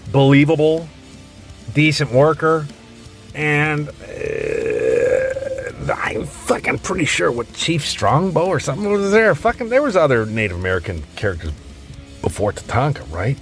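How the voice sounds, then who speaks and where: A man's voice: a little high, sing-song, a little slow, faint music behind. A man hosting a tier-list video, talking casually and bluntly, rambling and cursing constantly as he ranks old wrestling gimmicks. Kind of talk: casual profane commentary.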